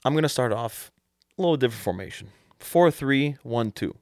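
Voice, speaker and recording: A young man co-hosting a casual soccer podcast, talking in animated bursts with lots of restarts. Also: mid-range voice, a little fast, no echo, studio quality. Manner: animated, restarts often, says "man" a lot. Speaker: podcast co-host. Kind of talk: casual sports chat.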